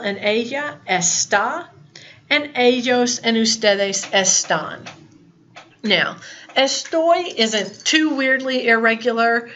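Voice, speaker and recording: A woman's voice: mid-range voice, pushed and bright, highs cut off. A woman in her fifties teaching a recorded Spanish lesson, plain-spoken and chatty, with asides. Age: 50s.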